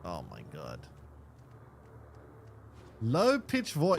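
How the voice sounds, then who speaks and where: A man's voice: sits high, huge pitch swings, slow pace, long pauses, slight background noise. A man streaming a game, ranting in exasperation and swearing at what happens on screen. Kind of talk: live gameplay commentary.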